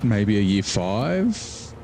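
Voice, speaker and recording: A man's voice: lowish voice, very animated, very slow, gravelly, darkish tone, a little hiss or hum. A man casually commenting while he live-streams a game, rambling and joking with his viewers. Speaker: gaming streamer.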